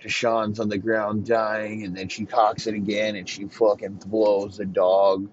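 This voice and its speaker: A man narrates a crude comic tale slowly and flatly, his voice sitting on the low side. The recording is dull and lo-fi with a faint background hum. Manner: profane, deadpan narration. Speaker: comedy podcast host. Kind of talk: improvised comic storytelling. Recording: muffled lo-fi recording.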